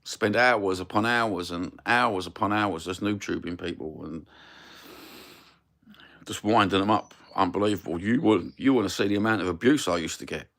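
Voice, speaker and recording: A man with a broad Cockney accent rambles through a casual live-stream chat, cheeky and quick to swear. His voice sits low with a gravelly, rough edge. He sounds middle-aged. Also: a bit bright. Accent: Cockney London. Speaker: livestream host.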